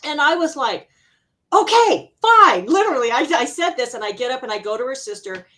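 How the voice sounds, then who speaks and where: A middle-aged woman from Arizona, an interview guest and healer, telling personal stories in a casual, animated way with frequent laughter. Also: fairly high pitch, fast. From Arizona, USA.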